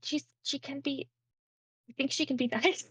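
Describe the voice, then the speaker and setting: A woman's voice: high-pitched, fairly even intonation, moderate pace, no echo, rough recording. A woman playing a tabletop game in character, giggly and hesitant. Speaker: player.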